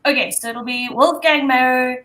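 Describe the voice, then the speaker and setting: A woman guest chats on a live-stream music show in an easygoing, slightly halting way. Her voice is high and bright. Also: steady tone, low-quality recording. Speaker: guest musician and visual artist. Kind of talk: casual live-stream chat.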